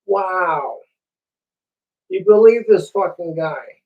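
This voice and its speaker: A man's voice: sits high, takes it slowly, far from the mic, muffled recording. A man doing a ventriloquist comedy vlog, bantering with his dummy in an exasperated, profane way. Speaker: ventriloquist vlogger.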